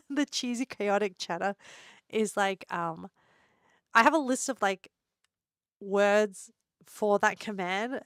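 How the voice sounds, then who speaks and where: A woman's voice: medium pitch, no room sound, clean studio sound. A woman live streamer chatting casually with her viewers, giggling a lot and playfully teasing them.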